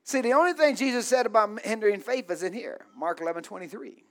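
Male preacher with a very high voice, delivering a call-and-response sermon that builds to shouting. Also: expressive, fast. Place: church.

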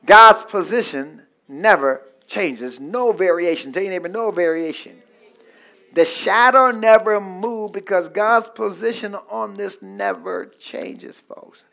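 A high-pitched man with vocal fry preaches slowly as pastor. He uses call-and-response, repeating lines and asking the congregation to echo them, while moving between quiet asides and shouted climaxes.

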